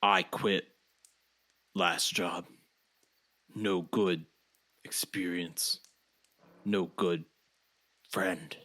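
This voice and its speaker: A man's voice: low voice, steady tone, very slow, pauses often, pushed and bright, voice pushed down, exaggerated voice. A man voicing Bobby, a simple male creature who speaks in short broken phrases, in a tabletop game. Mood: blunt. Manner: broken, clipped words.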